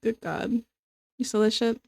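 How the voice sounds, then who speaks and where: Slow, gravelly-voiced American woman streamer. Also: fairly high pitch, darkish tone, no room sound. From United States. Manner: rambling, self-mocking, repeats words. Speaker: streamer drawing live. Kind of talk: casual stream chat while drawing.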